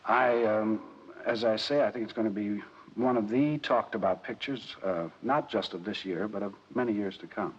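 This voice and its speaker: A man from the United States, a film actor answering interview questions deliberately, pausing often, in a dull lo-fi 1960s recording. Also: fairly low pitch, husky. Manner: deliberate, pauses with many fillers.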